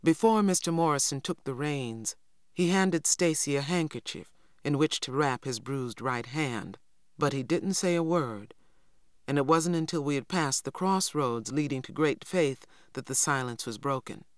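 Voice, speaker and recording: A man narrating a novel as an audiobook reader, in steady, expressive storytelling. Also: mid-range voice, normal speed, smooth, no room sound, studio quality. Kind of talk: scripted narration.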